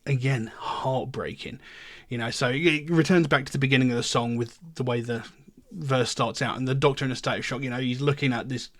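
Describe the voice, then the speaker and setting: A man's voice: mid-range voice, steady tone, brisk, fairly bright tone. A middle-aged man hosting a music reaction, talking in a rambling way and leaning on "you know" fillers. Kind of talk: casual reaction commentary.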